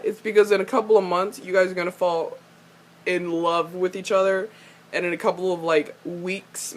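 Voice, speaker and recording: A young woman giving a casual fan recap of a TV episode, gushing and ranting at the characters, swearing freely and laughing often. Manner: excitable, swears a lot, gushes and rants at characters; laughs often, squeals high when excited. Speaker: fan reviewer reacting to a TV episode.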